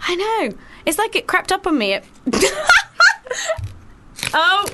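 A woman's voice: extremely high pitch, big pitch swings, moderate pace, sharp tone. A woman hosting a radio show in a studio, chatting casually and laughing often.

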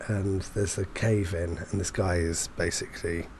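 A low-pitched male voice, darkish and steady, at a moderate pace with slight background noise. He's a performance poet co-hosting a podcast, chatting casually and rambling through anecdotes with lots of fillers and restarts.

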